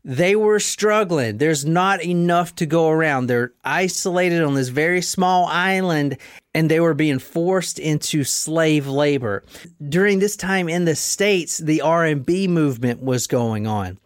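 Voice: medium pitch, unhurried, dry recording. Dry, close voice of a casual storytelling host. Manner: storytelling, emphatic, casual with profanity. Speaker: podcast host. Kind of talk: casual explainer talk.

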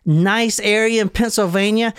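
A man's voice: high-pitched, steady tone, normal speed, a bit bright, clear, resonant tone, no room sound. A man hosting a podcast, ranting heatedly and swearing freely in a casual chat, speaking into a studio mic. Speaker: podcast host.

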